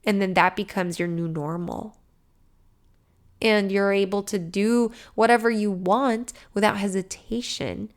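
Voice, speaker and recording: A woman hosting a podcast rants in an animated, motivational way, cursing frequently and shifting from loud bursts to soft asides. She talks a little slowly in a medium pitch.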